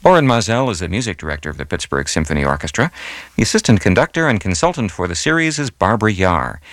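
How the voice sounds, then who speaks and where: A man hosting a classical radio broadcast, reading scripted announcements in a measured, announcer-like way. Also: sits low, sing-song, fairly bright tone, no room sound. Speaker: radio host.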